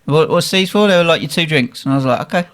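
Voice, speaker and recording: A young man, animated and swearing as he tells a funny story in casual chat. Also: fairly high pitch, fast talker. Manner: animated, swearing, laughing at his own story. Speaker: guest telling a story.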